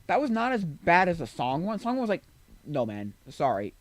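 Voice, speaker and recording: Male streamer, casual rambling chat, higher voice, very lively pitch. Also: quick pace, dry recording, poor audio. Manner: rambling, with many restarts and asides. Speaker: game streamer.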